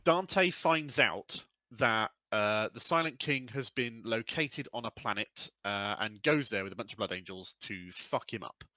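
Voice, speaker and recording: A man's voice: on the low side, lively intonation, unhurried, few pauses, pushed and bright, no room sound, low-quality recording. A man co-hosting a podcast in casual chat, rambling with fillers and the odd swear. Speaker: podcast co-host.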